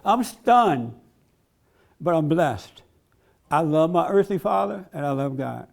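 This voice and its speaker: A man's voice: on the high side, expressive, takes it slowly, gravelly. A man giving a blunt, emphatic preaching-style talk at a conference, laughing along with his audience. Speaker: conference speaker.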